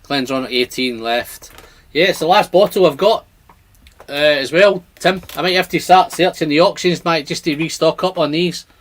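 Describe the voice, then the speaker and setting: Guy chatting on a home livestream, fairly high voice, reads out the chat. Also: moderate pace, a bit bright. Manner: chatty, reads viewer comments aloud. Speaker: whisky channel host.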